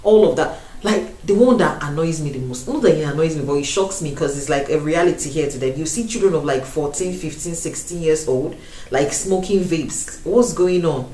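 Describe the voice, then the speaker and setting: A woman's voice: sits low, normal speed, warm tone. A young Nigerian woman vlogging to camera in a chatty way, laughing often and slipping into Pidgin. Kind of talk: casual vlog talk to camera. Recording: roomy echo, a bit distant from the mic.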